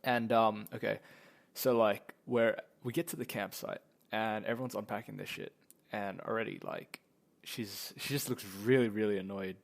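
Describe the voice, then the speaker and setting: A man's voice: lowish voice, fairly even intonation, normal speed, gravelly. A young man telling a story casually, rambling and profane, with lots of fillers. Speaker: vlogger.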